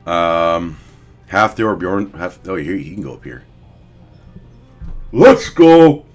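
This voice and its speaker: A young fitness vlogger ranks fitness influencers in blunt, profane, rambling commentary. He has a deep voice, a measured pace, and a sharp tone, with soft music playing behind him.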